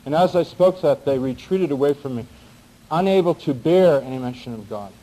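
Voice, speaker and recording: A man giving an earnest personal testimony, halting and restarting as he searches for words. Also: medium pitch, expressive, dark tone, poor audio. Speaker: speaker recounting a near-death experience.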